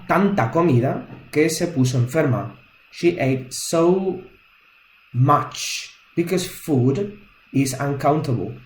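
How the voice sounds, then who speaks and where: A man's voice: fairly high pitch, echoey room, poor audio. A man teaching an English grammar lesson, patiently explaining each point step by step.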